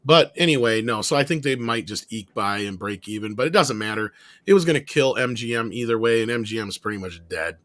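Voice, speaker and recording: A man's voice: medium pitch, animated, a little fast, a bit bright, no room sound. A man on a live-stream panel, rambling loosely and hedging through box-office figures with plenty of filler. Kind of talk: casual panel chat.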